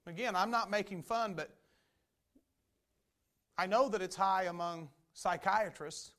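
A man's voice: sits high, a bit bright. A man preaching a sermon as a Baptist pastor, emphatic and repetitive. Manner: emphatic preaching with repeated phrases.

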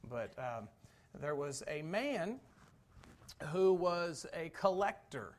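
A pastor in the pulpit with a notably high voice for a man. He moves between a relaxed, folksy storytelling manner and emphatic preaching. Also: slow pace. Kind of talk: sermon.

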